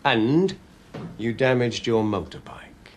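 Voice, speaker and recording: A man's voice: mid-range voice, lively intonation, slow, a little hiss or hum. An actor playing a stern, pompous police sergeant who lectures his constable with dry sarcasm. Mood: lecturing.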